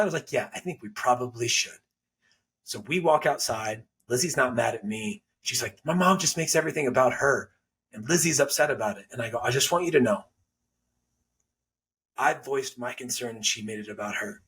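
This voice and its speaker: A man's voice: medium pitch, a little fast, a bit bright, slightly rough, recorded from a distance. A man, a podcast guest, telling a personal story in a blunt, candid way and swearing casually.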